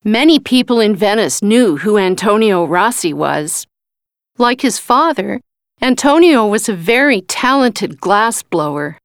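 A woman narrating a storybook with slow, deliberate pacing and a mid-range voice. The sound is dry and close, with no room around it. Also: mid-range voice, animated, no room sound. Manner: slow, careful, clear reading. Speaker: reader. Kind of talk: storybook reading.

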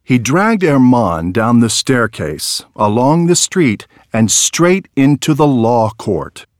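A man narrating a storybook tale in a slow, expressive reading. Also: mid-range voice, no room sound, studio quality.

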